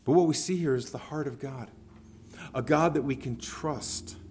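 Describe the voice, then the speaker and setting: Male pastor, mid-pitched, earnest sermon delivery with emphatic swells. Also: moderate pace, darkish tone, a little hiss or hum. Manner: earnest preaching, rising to emphatic peaks and dropping low.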